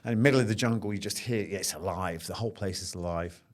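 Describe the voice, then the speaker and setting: A middle-aged man talks quickly in a low-pitched voice as a podcast guest. He tells a personal story with earnest intensity, repeating phrases while reliving the moment.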